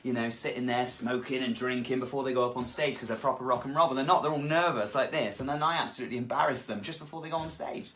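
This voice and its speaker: A man's voice: medium pitch, steady tone, fast, few pauses, fairly bright tone. A man, a guest at home, telling rambling, self-deprecating anecdotes. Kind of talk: casual chat. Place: his home.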